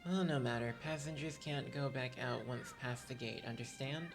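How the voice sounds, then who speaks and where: A man's voice: mid-range voice, steady tone, normal speed, natural voice. A man reading game dialogue as a stern, fussy ship gate attendant who scolds but cares. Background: game music.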